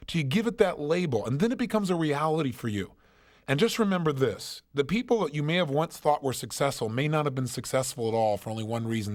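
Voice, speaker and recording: A man giving a motivational seminar talk, telling stories emphatically and asking rhetorical questions. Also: on the high side. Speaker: motivational speaker.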